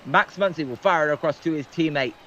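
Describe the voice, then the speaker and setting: A man's voice: fairly high pitch, fairly quick, sharp tone, dull audio, a little hiss or hum. A man calling baseball play-by-play on a livestream, hesitant and full of filler ums. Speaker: guest play-by-play commentator.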